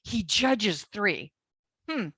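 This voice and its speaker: Brief: woman Bible study co-host, mid pitch, affirming and chatty, dry close sound. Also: animated, very slow, husky, dry recording. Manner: warm, affirming, chimes in often. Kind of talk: casual teaching chat.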